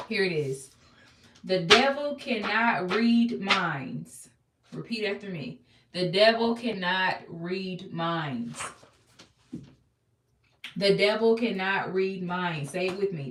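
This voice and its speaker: A woman's voice: fairly low pitch, recorded from a distance, slight background noise. A young woman preaches a pep talk to her live viewers, emphatic and repetitive. She keeps asking them to say lines back to her. Her voice bounces around an echoey room and sits well back from the mic. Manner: emphatic, repetitive, call-and-response. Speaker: motivational live-streamer.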